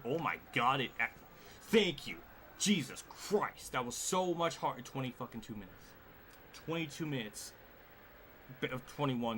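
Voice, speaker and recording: A man streaming a racing game at his desk at home, giving live commentary full of exasperated, swearing outbursts. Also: medium pitch. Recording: steady background noise.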